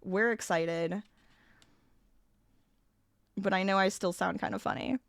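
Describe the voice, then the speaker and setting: A woman's voice: medium pitch, slow, creaky, dry recording. A woman streamer chatting casually with her chat while she crochets. Her voice is slightly scratchy as she gets over an illness, and she laughs often. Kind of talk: casual crafting livestream chat.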